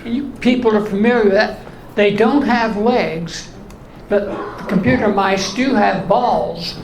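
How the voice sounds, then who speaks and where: A man in his eighties doing stand-up in a comedy club, telling deadpan one-liners in a voice left high by voice surgery. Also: a little slow. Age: 80s. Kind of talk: stand-up routine. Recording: echoey club with room noise.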